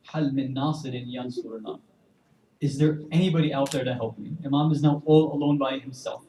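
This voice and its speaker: A man's voice: a little high, slight background noise. A man delivering an impassioned mourning sermon at a community center and questioning the congregation directly. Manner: impassioned, building from hushed to loud pleading. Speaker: speaker at a mourning gathering. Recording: echoey hall, far from the mic.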